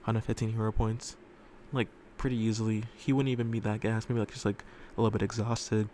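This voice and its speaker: A man's voice: on the low side, level tone, fairly quick, dark tone, a little hiss or hum. A man telling a fan story casually, rambling with lots of fillers and loose swearing, recorded in a room at home.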